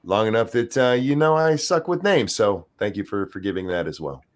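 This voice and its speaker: A man's voice: on the low side, animated, a little fast. A man co-hosting a casual talk stream, chatting in an offhand way with joking asides. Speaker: co-host. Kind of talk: casual podcast chat.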